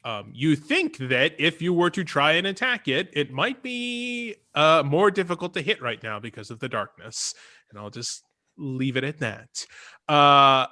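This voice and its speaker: A man's voice: fairly high pitch, animated, a little slow, sharp tone. A man running a tabletop game as game master, chatty, with many fillers and restarts.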